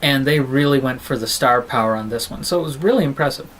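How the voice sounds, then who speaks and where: A man's voice: medium pitch, fast, fairly bright tone, a little hiss or hum, low-quality recording. A man giving a casual film review on his vlog, talking in a rambling, digressive, chatty way.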